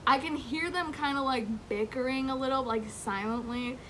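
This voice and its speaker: A woman vlogger tells a rambling storytime tale with lots of swearing and frequent laughter. Her voice sits high and sounds bright and sharp. There is a faint hum of noise under the recording. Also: moderate pace. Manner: animated, profane, laughing often, heavy use of "like". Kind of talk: casual storytime.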